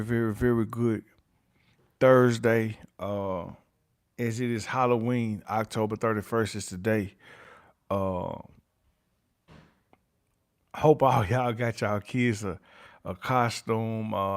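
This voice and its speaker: A man's voice: on the low side, steady tone, measured pace, long pauses, clean tone. A man hosting a YouTube livestream, greeting chat viewers by name and repeating his catchphrases. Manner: repeats catchphrases, reads chat names aloud, chuckles often. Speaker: YouTube channel host.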